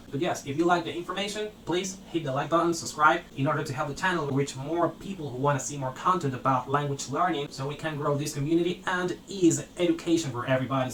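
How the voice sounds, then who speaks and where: A man's voice: mid-range voice, a bit bright, a little hiss or hum. A man giving a grammar lesson, explaining step by step, repeating example sentences and checking in with "right?". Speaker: language teacher. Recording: echoey room, faint ambience.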